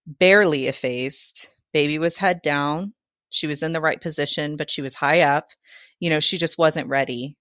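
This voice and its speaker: A woman's voice: sits low, fairly bright tone, no echo, studio quality. A woman guest on a podcast, telling her own birth story candidly and emotionally, laughing through the hard parts.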